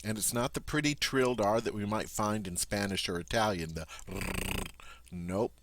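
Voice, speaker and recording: A man's voice: lowish voice, a little fast, background noise. A man teaching a pronunciation lesson, patient and explanatory, demonstrating sounds and checking in with his listeners. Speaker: language teacher.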